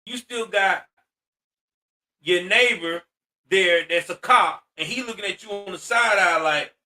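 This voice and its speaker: A man with a bright, high-pitched voice delivers blunt, profane commentary, lecturing his listeners. He sounds exasperated and straight-talking. The voice sits a little back from the mic. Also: a little slow, long pauses, distant mic. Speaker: commentary host. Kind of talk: ranting social commentary.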